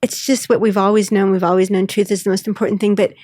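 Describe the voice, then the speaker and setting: A woman co-hosting a podcast who speaks with open emotion and warmth about her own life, switching into lively voices when she quotes friends. Her voice sits in an ordinary middle range. The recording is dry and close, with no room sound behind her. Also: mid-range voice, fast, no echo. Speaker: podcast co-host. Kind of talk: casual heartfelt chat.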